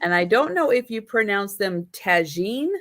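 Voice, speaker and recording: A woman's voice: mid-range voice, expressive, fairly bright tone. A woman hosting a live online sale, calling out bids and patiently explaining each item. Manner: slow, patient, explaining items. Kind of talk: live-stream auction chat.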